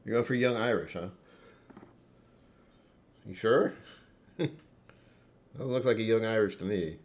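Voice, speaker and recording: A man's voice: fairly low pitch, slow pace. A man hosting a whiskey tasting livestream, chatting casually with viewers in a wry, self-mocking way.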